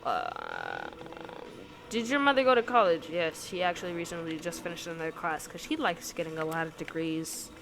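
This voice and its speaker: A woman vlogger with a low voice, huge pitch swings and vocal fry reads questions aloud and chats through her answers at a moderate pace. She's rambling and hesitant, with many ums and likes, and there's background noise as well as background music.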